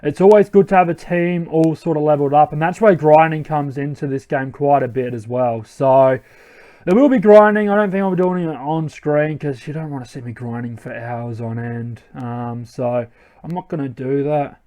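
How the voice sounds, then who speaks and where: A man's voice: on the high side, normal speed, warm tone. A man hosting a let's play, giving casual gameplay commentary and thinking aloud with rambling self-corrections.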